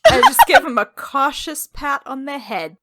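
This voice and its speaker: A woman playing a tabletop game, speaking slowly with a lively lilt. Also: high-pitched, no echo, studio quality. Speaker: player.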